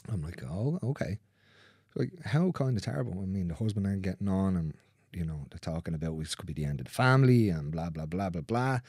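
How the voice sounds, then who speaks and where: A male manual therapist talks in a lowish voice, chatting casually and bluntly about his clients. He swears freely and slips into the voices of the people in his stories. The sound is dry and close, with no room echo. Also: lively intonation, brisk, a little mellow, husky. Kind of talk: casual storytelling in conversation.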